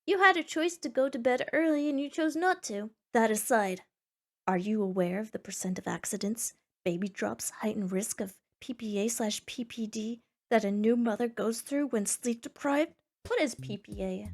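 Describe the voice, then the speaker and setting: Young woman streamer, kinda high voice, snarky, gets loud and squeaky out of nowhere. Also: normal speed. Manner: sarcastic and animated, jumps to loud squeals. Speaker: streamer reading forum posts. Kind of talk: casual reaction chat.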